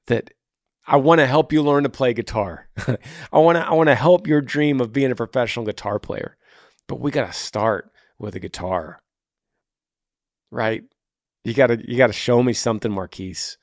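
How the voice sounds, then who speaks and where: A man's voice: medium pitch, normal speed, long pauses, dry recording, studio quality. A man hosting a podcast, giving earnest, brotherly advice to a listener in a tired voice. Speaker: podcast host. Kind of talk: casual advice chat.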